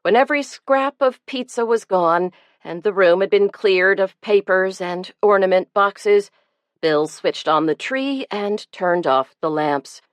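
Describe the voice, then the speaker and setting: A woman narrating an audiobook in a measured, gentle storytelling manner. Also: mid-range voice, lively intonation, no echo. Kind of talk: scripted narration.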